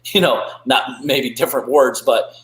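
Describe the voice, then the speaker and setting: Blunt preachy guy, swears a lot, mid pitch, roomy echo. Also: measured pace, a bit bright. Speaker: podcast host. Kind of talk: blunt motivational talk.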